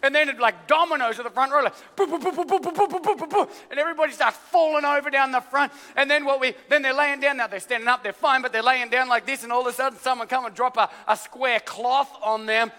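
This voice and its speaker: A man preaching a sermon as pastor, telling stories in an animated way and acting out voices. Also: very high voice, fast, hardly any pauses. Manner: animated storytelling with acted-out voices. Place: large church hall. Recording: live church hall reverb.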